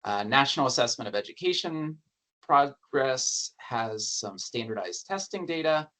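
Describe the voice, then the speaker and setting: A man presenting an education research report at an academic forum in a relaxed, conversational way, with dry asides. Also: mid-range voice, unhurried.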